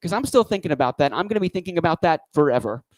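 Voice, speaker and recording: Guy doing stand-up, kinda high voice, wry rambly delivery, dry close sound. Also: animated, rapid-fire, no echo, poor audio. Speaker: stand-up comedian. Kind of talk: stand-up comedy set. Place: comedy club stage.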